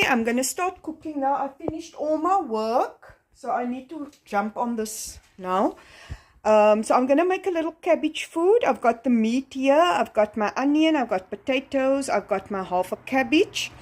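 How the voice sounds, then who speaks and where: A South African woman vlogs casually from her home kitchen, speaking emphatically and repeating phrases for effect. Her voice sits high with lively intonation, and she talks at a normal speed.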